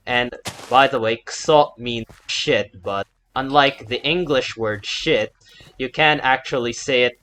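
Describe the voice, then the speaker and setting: A male gamer narrating his own playthrough in a mid-pitched voice, rambling on between moves. He flips into frantic shouting when things go wrong and tosses in Japanese exclamations. A faint hiss sits behind him. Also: measured pace, poor audio. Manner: chatty, breaks into loud panicked shouting. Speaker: gaming YouTuber and English teacher. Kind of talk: let's play commentary.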